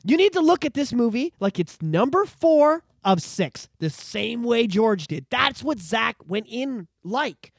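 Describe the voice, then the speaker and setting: A man hosting a casual podcast, ranting excitedly about movies and swearing freely. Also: extremely high pitch, a little slow, vocal fry, few pauses, no room sound. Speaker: podcast host. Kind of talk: casual chat.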